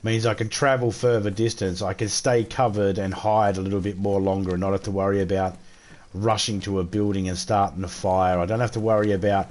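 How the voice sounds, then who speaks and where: With a fairly low, darkish voice that barely moves in pitch, an Australian man talks fairly quickly to his stream audience as he plays a survival game. The chat is casual, full of jokes and free swearing.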